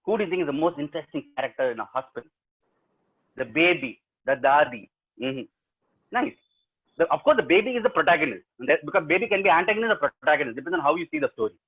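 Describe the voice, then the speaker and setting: Husky Indian storyteller on a tinny call. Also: male voice, on the high side, fast. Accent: Indian English. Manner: animated, quizzes the audience. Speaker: professional storyteller. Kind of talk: live oral storytelling to students. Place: remote webinar, home setup. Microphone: video call. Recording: tinny webinar call audio.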